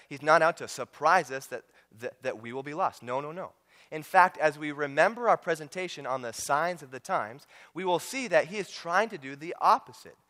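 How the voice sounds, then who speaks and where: Emphatic preacher in a reverberant hall. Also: male voice, on the high side, bright, forceful tone. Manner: emphatic, repeats words, calls out to the congregation. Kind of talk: sermon on a Bible study guide. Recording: long reverb of a large hall.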